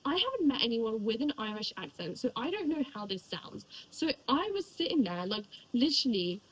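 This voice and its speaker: A woman's voice: a little high, very animated, a little fast, husky, rough recording. A young woman chatting casually about the books she read, rambling with lots of fillers and likes. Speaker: book reviewer. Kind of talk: casual chat.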